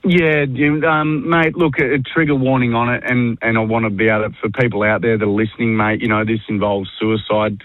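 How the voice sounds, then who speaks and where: A man's voice: mid-range voice, flat delivery, fairly quick, few pauses, no room sound. An Australian man being interviewed on radio, talking earnestly and casually, calling everyone mate. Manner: blokey, says mate constantly, earnest. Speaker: workshop facilitator and guest. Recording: tinny phone line.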